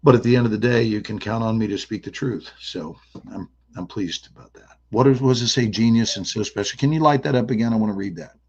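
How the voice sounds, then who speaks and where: Gravelly, husky man telling stories. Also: lowish voice, fast talker, lo-fi sound. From American South. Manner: playful, animated, slips into character voices. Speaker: actor guest. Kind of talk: casual interview storytelling.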